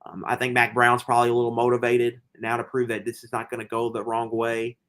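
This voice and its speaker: A man at an everyday middle pitch talks through college football win totals in a loose, conversational way. He gets animated when he lands on a pick, and his delivery comes in quick bursts of emphasis. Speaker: podcast co-host. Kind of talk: casual sports betting chat.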